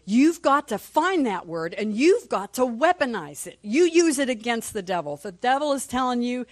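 A woman's voice: fairly high pitch, sing-song, normal speed, hardly any pauses, no room sound. A woman teaching a Sunday school class in church, passionate and reading scripture aloud.

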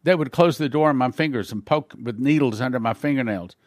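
During a sermon, a man earnestly testifies, relating his story plainly with minor slips and shifting his voice to act out what others said. His mid-range voice moves a little fast on a dry, studio-quality recording.

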